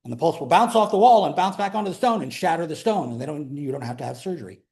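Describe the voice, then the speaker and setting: Chatty high-voiced male math lecturer. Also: expressive, darkish tone. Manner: chatty, jokey asides while explaining; pace swings between slow emphasis and quick runs. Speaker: math instructor. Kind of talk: classroom lecture. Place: classroom.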